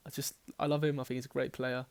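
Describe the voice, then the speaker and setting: Gravelly and mid-range, this man's voice stays level while he talks fast about his fantasy football team choices. The talk is casual and chatty, wandering, self-correcting, with swearing tossed in.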